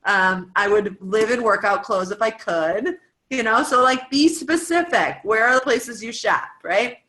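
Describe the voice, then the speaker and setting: A woman's voice: on the high side, a little slow, sharp tone, poor audio. A woman in her thirties from the United States, giving an informal coaching talk with lots of "um" and "like" and long lists of questions. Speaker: guest speaker coaching fitness coaches. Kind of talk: casual talk walking through a worksheet.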